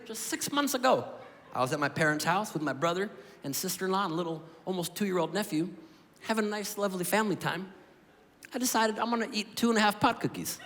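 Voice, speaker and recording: Neurotic comedian in his thirties, lively pitch. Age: 30s. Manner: animated, neurotic storytelling with voice swings. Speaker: stand-up comedian. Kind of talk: stand-up comedy set. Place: comedy stage before a live audience. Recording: live hall with crowd laughter and noise.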